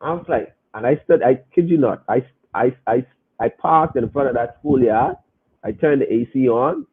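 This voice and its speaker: Speaking to his audience in a relaxed way, a male podcaster makes his case emphatically, repeating phrases as he goes. He has a husky, medium-pitched voice at a moderate pace, heard through a tinny, phone-line sound.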